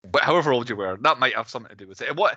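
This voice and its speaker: Lively bright-voiced podcaster, late 30s. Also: male voice, medium pitch, rapid-fire, husky, no room sound, highs cut off. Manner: reads facts with hedging asides, chuckling. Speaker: podcast co-host presenting the film's cast. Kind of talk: casual film-podcast chat.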